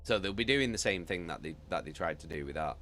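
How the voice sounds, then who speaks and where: A man's voice: low-pitched, lively intonation, fast, bright, forceful tone. A British man chatting casually with viewers as a streamer, rambling and swearing freely. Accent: British English. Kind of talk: casual chat.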